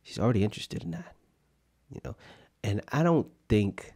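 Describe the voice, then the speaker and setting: A man's voice: medium pitch, animated, moderate pace, creaky, darkish tone, breathy edge. Give me a young man ranting crudely on a podcast, his voice leaping all over the place. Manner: profane, heated ranting with mock fury. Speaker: podcast co-host. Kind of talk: crude comedic podcast rant.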